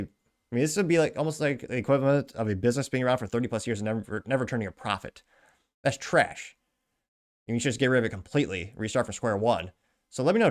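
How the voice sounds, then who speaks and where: A man hosting a political commentary show, casually reading out viewer comments with blunt, sarcastic asides. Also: mid-range voice.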